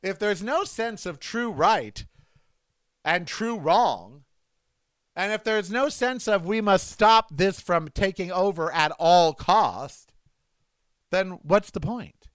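A man's voice: high-pitched, animated, slow, fairly bright tone, dry recording. A man hosting a comedic rant monologue, sarcastic and mocking as he riffs at length. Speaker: host.

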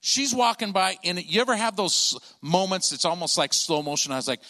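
A man doing stand-up storytelling as a comedian, animated and acting out the people in his stories. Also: high-pitched, brisk. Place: church auditorium. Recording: long reverb of a large hall.

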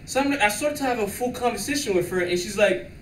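A man whose first languages are French and Creole tells stories in a bright, high voice, animated and quick to laugh. He sits a little back from the mic in a roomy space, with faint ambience behind him. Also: recorded from a distance, slight background noise. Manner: animated storyteller, laughs often, many likes. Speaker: livestream co-host. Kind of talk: casual chat.

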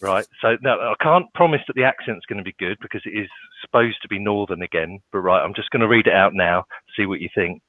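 A man in his forties chatting easily as a podcast co-host, laughing often. His lowish voice comes over a tinny, dry phone line. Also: fast, no room sound. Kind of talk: casual chat.

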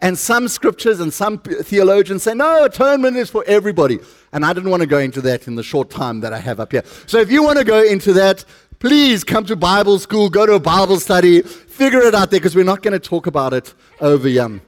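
Man, South African accent, pastor, sermon, high voice, chatty, jokey, middle-aged. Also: expressive, brisk. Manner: chatty, joking with the congregation.

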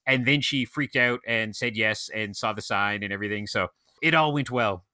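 Brief: man, theater operator, bright forceful tone, dry close sound, run-on storyteller. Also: fairly low pitch, no echo. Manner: animated storyteller, quick run-on anecdotes. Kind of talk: casual podcast chat.

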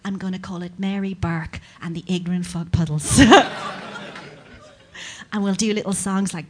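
A woman's voice: lowish voice, steady tone, moderate pace, pauses often, a little mellow. A woman performing a stand-up comedy set, sardonic and mock-outraged, building into rants.

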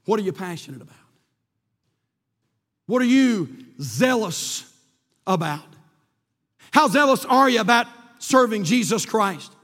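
A male pastor preaching a sermon with passion, swelling and then dropping to quiet emphasis, in a church sanctuary. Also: sits high, expressive, a little slow, pauses often. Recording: long reverb of a church hall.

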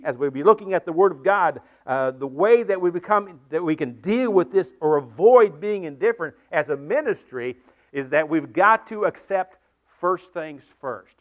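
A male pastor delivers a Sunday sermon in a high voice. He talks earnestly, circling back to repeat his points and rising into emphatic peaks before easing down again. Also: fairly bright tone. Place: church sanctuary with congregation.

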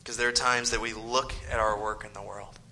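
Bright-voiced male pastor preaching. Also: fairly low pitch, level tone, a little fast, slight background noise, rough recording. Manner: dramatic swings from loud to whispered asides; mocking rhetorical questions in the voice of opponents. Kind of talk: sermon.

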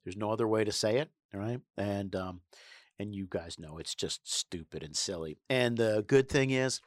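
A man co-hosting a casual political chat, wry and mocking, with many pauses and ums. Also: on the low side, no room sound. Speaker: podcast co-host.

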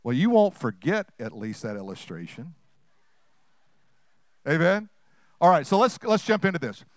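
A man preaching with a high, smooth, resonant voice. He talks in a lively, conversational way and slips into acted-out voices. The sound is close and dry. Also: moderate pace, no room sound. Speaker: pastor. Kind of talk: sermon.

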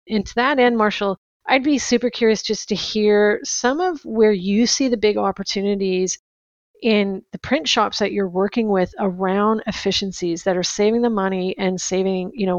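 Gravelly woman moderating a panel, dry lo-fi sound. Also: mid-range voice, no room sound. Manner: conversational, frequent "like" and "right". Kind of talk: podcast panel discussion.

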